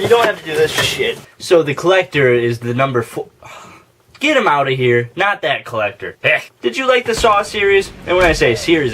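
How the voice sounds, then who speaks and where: A man talks through a list of horror villains in a loose, jokey way. His pitch swings up and down as he cracks profane asides and cuts himself off. There is a steady hiss of background noise across the recording. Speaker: YouTuber ranking horror villains. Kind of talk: casual comedic list commentary. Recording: noisy home recording.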